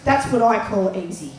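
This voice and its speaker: A woman's voice: fairly high pitch, noisy background. An Australian woman comic doing a brash, profane stand-up routine full of ranting rhetorical questions. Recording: echoey live club recording.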